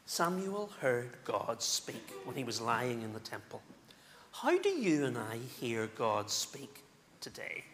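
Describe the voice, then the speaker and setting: A male minister with a Northern Irish accent, giving an animated, playful children's talk in a church service. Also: fairly high pitch. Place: church sanctuary. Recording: echoey church with faint room noise.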